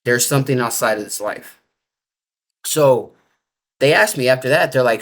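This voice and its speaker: A man recounting his own story in a casual, rambling way, stringing thoughts together with fillers and restarts. His grammar is loose and everyday, and his voice sits in an ordinary middle pitch. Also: normal speed, fairly bright tone. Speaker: interviewee telling a near-death experience.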